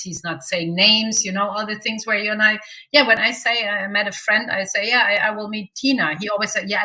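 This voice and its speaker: A woman's voice: mid-range voice, rough recording. A woman telling a personal story in a casual interview, acting out quoted dialogue with loose grammar and many fillers. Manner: animated, acts out quoted dialogue, many "I was like" asides.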